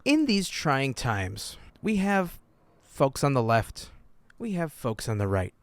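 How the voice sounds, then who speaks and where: Joking, animated male podcast co-host. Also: medium pitch, slow, dry recording. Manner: animated, joking storyteller who laughs often. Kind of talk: casual podcast chat.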